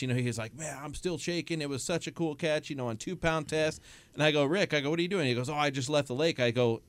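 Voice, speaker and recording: A man co-hosting a fishing radio show, telling a catch story with lively acted-out dialogue from a studio. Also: mid-range voice, smooth, dry recording. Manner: animated storyteller, acts out phone dialogue. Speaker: fishing report co-host. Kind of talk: casual radio talk.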